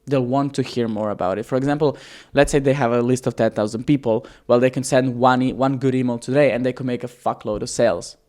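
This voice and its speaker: A man teaching copywriting on camera in a casual, energetic way, swearing freely and shifting his pace and loudness for emphasis. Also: mid-range voice, fast talker. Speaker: copywriting coach.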